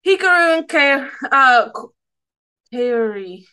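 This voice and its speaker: Bright-voiced woman recapping, rambling. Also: high voice, expressive, slow pace. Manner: rambling, giggly, loses her place. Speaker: podcast co-host. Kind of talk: casual episode recap.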